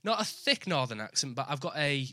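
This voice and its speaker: A man's voice: medium pitch, big pitch swings, a little fast, sharp tone, no echo, studio quality. A man with a Northern English accent hosting a casual interview, asking easygoing follow-up questions. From north of England. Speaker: host.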